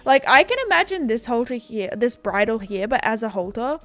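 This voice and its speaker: A woman's voice: a little high, big pitch swings, a little fast, fairly bright tone, no room sound, faint music behind. A woman with an Australian accent, chatting casually as a gaming YouTuber, rambling and filling her talk with "like" and "you know". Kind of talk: casual chat.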